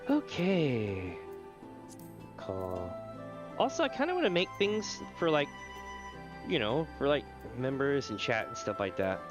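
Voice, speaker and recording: A man's voice: mid-range voice, wildly swooping pitch, measured pace, long pauses, dull audio, over music. A male streamer with a stuffy nose, chatting casually on a live game stream, rambling, swearing freely and laughing often. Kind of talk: casual livestream chat.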